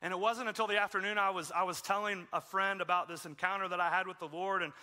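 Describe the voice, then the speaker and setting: Bright, high-voiced young-sounding male pastor. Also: fairly even intonation, quick pace. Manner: casual storytelling with self-deprecating humor. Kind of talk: conversational sermon. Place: church sanctuary.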